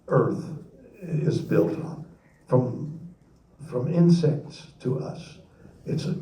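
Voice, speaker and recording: A man in his nineties telling a rambling, halting story as a guest speaker at a convention, recorded from the crowd. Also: medium pitch, warm tone, a little hiss or hum. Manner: rambling, halting, with emotional pauses. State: near tears while telling the story. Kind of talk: storytelling and audience Q&A. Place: large convention hall. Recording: echoey hall from far off, audience recording.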